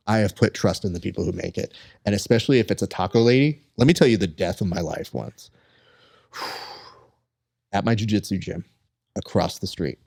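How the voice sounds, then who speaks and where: A young adult man hosting a podcast, chatting casually and telling lively stories, acting out the people he quotes. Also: sits low, gravelly. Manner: animated storyteller who acts out quoted people. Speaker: podcast host. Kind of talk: casual chat.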